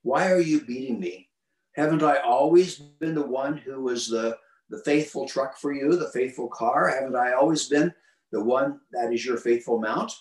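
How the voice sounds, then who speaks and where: A man's voice: medium pitch, moderate pace, natural voice. A man voicing a faithful male talking donkey, asking plaintive questions, heard from a distant mic in a roomy space. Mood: pleading.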